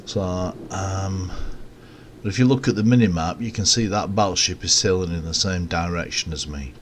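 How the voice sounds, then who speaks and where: A man giving casual, rambling commentary over a recorded game, with relaxed, self-mocking asides. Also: low-pitched, moderate pace, a little hiss or hum. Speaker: gameplay commentator.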